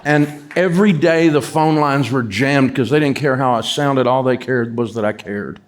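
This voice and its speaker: A man's voice: mid-range voice, moderate pace, slight background noise. A middle-aged man with a Southern US accent, telling a folksy, self-mocking story to an audience. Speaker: speaker addressing an audience. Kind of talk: storytelling talk.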